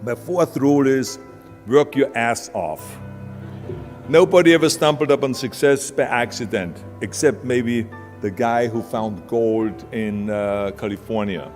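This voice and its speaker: A man's voice: mid-range voice, unhurried, darkish tone. A man from Austria with an Austrian accent giving a blunt, emphatic motivational speech in a large hall. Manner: emphatic, blunt, plain-spoken. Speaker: motivational speaker. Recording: hall reverb with music underneath.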